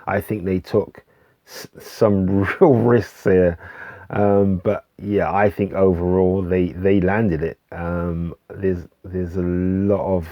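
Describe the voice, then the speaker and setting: Deep slow-talking man reviewing records. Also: no echo. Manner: hesitant, many fillers and restarts; relaxed, enthusiastic recommending. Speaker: album reviewer. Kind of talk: casual music review vlog. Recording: dull lo-fi dry recording.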